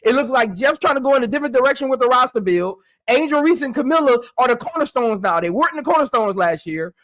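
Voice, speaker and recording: A woman co-hosting a casual sports debate, who argues her case with halting restarts and keeps repeating her point. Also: sits high, animated.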